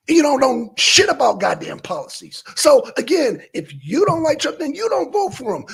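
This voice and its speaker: A man's voice: extremely high pitch, very animated, moderate pace, gravelly, hardly any pauses, a bit bright. A male livestream host talking politics in a blunt, profane, heated way from home. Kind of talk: political talk stream.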